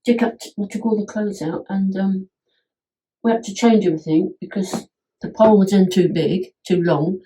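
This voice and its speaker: A chatty woman talks at home, full of enthusiasm and often restarting her sentences. Her voice is mellow and slightly husky, with a relaxed, warm tone. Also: medium pitch, normal speed, low-quality recording. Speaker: homeowner giving a testimonial. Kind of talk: casual chat. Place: at home indoors.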